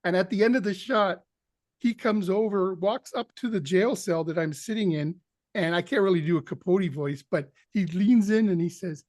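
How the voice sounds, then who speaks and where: An actor guest on an interview podcast, telling a story with lively act-outs of what people said. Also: male voice, high voice, normal speed, no room sound, studio quality. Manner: animated anecdote teller, acts out quotes.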